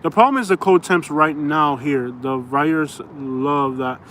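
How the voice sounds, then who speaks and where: A man's voice: on the high side, unhurried, fairly bright tone. A man from Florida hosting a casual livestream outdoors, rambling and chatting with viewers. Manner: rambling, chatty, reads viewer comments aloud. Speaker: livestream host. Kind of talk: casual live chat. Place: outdoors in a suburb. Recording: faint outdoor traffic noise.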